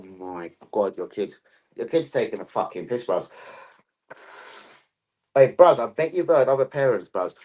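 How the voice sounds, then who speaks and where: A young man runs a casual football live stream. His talk is full of swearing and slang. His pitch swings widely from low mutters up to sudden high yells. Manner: rowdy, profane banter full of slang.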